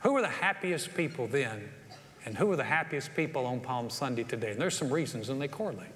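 A man's voice: mid-range voice, lively intonation, fairly quick, fairly bright tone, big-room sound. A man preaching a sermon, telling stories in a folksy way with playful acted asides. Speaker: pastor.

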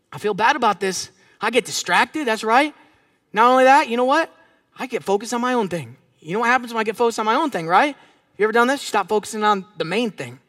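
Middle-aged male pastor, very high and bright voice, chatty emphatic sermon with audience questions. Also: no room sound, clean studio sound.

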